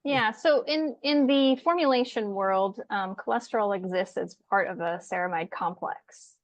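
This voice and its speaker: A woman guest and skincare educator talking in a casual conversation, lively and animated, sometimes acting out quoted complaints. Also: medium pitch, moderate pace, muffled recording.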